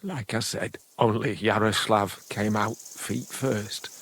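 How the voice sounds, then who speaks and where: An actor voicing a middle-aged village father in a medieval game, slow and brooding, grieving and bitter with angry bursts. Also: fairly low pitch, fairly even intonation, a bit bright, husky, full character voice. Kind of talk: voiced game dialogue.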